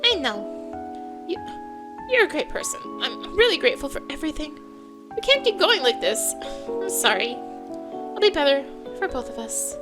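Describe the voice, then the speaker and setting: Tearful young woman, shaky and apologetic, voiced by a woman reading a game, over loud game music. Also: sits high, expressive, creaky, voice pushed up. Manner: shaky, halting voice.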